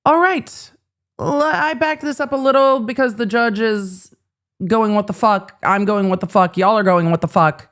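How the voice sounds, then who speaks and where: A woman's voice: medium pitch, moderate pace, fairly bright tone. A woman hosting a live legal commentary stream, talking casually and profanely with her chat and riffing on courtroom moments. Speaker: legal commentary livestream host.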